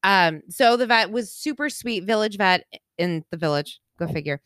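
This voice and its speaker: Woman podcast co-host, animated candid storyteller, close dry mic. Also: mid-range voice, normal speed, no echo. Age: adult with children. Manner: candid, animated storyteller, acts out quotes, laughs through sad parts. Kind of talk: casual storytelling chat.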